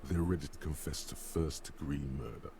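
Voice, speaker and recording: A deep, gravelly inner voice of a detective's mind. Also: male voice, over a noisy crowd. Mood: solemn. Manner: measured, solemn, coolly observant. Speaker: game narrator.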